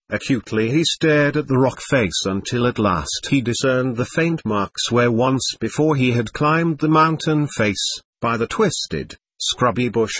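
Husky-voiced male audiobook narrator. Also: medium pitch, a bit bright, no echo. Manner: measured, solemn storytelling.

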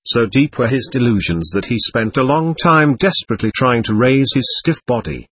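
Husky male audiobook narrator. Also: medium pitch, no echo. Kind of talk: scripted first-person narration.

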